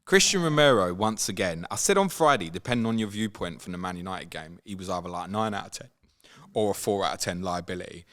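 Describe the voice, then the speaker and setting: A man hosting a casual football chat, animated and swinging up high when he mimics players. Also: fast talker. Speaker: football podcast host.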